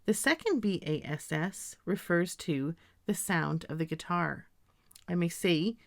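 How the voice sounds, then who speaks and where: Slow, careful woman teaching a lesson. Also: lowish voice, animated, creaky, no room sound, clean studio sound. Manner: slow, careful reading of example sentences. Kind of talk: recorded grammar lesson.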